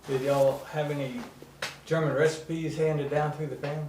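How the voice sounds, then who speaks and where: A man's voice: a little high, level tone, normal speed, darkish tone, rough recording. A man conducting an oral history interview, prompting with questions and short agreement.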